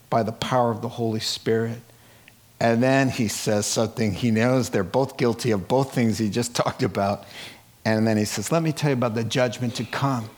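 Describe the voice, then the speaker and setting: A man preaching a sermon, swinging from hushed, quiet lines to loud, laughing outbursts. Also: medium pitch. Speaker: pastor.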